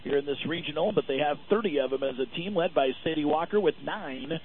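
A man calling a softball game as a radio play-by-play announcer from behind home plate, steady and informative, loud and high on big plays. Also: fast talker. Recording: phone-like lo-fi radio feed with faint noise.

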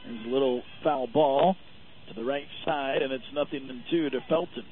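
A man calling a softball game as a radio play-by-play announcer from behind home plate, steady and informative, loud and high on big plays. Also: normal speed. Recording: phone-like lo-fi radio feed with faint noise.

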